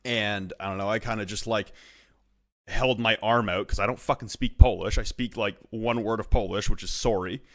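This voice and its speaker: A man's voice: fairly low pitch, normal speed. A young Canadian man, an esports broadcaster, telling a story in casual chat and swearing a lot. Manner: swears a lot, animated retelling.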